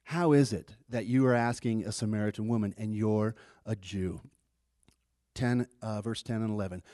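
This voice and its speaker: A man's voice: fairly low pitch, normal speed, mellow, no room sound, clean studio sound. Man preaching a casual Bible sermon. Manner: conversational, repeats words when restarting. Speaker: pastor.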